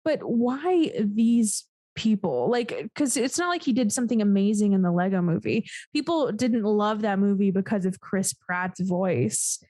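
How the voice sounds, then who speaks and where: A woman's voice: mid-range voice, lively intonation, unhurried, few pauses, warm tone, no echo, studio quality. A woman co-hosting a casual podcast chat, blunt and incredulous, swearing freely as she reacts. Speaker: podcast co-host.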